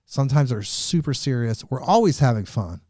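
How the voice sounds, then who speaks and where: A man's voice: mid-range voice, expressive, moderate pace, mellow, dry recording, studio quality. A man hosting a podcast, chatting in a laid-back, rambling, joking way. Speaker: podcast host. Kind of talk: casual chat.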